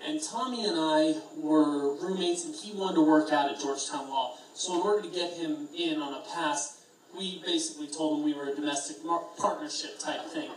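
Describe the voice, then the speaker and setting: A man's voice: fairly high pitch, normal speed. A young man gives a best man's toast at a wedding reception, rambling through anecdotes and chuckling at his own jokes. He is picked up from far off in a very echoey hall.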